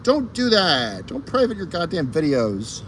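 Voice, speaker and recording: A streamer broadcasts live from an outdoor fire escape, rambling and swearing casually, laughing often and trailing off into ums and uhs. His voice is on the high side and a bit bright, with huge pitch swings and a slightly slow pace. There is a little hiss or hum.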